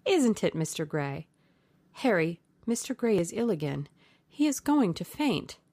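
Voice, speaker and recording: A woman's voice: mid-range voice, very animated, unhurried, a little mellow, no room sound. A woman doing a teasing, witty duchess. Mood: alarmed. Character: witty aristocratic lady, flirtatious.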